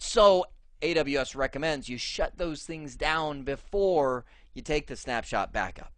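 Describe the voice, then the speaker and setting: A man's voice: high voice, fairly bright tone, no room sound. A man teaching a cloud computing lesson in a casual, chatty way, with many fillers and restarts. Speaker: instructor. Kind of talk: screen-share tech lesson.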